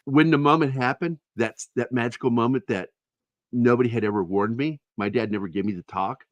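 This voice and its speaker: A brisk man with a mid-range voice hosts a podcast, recorded with no room sound and the highs cut off. His casual chat is a candid, rambling string of personal stories, full of swearing.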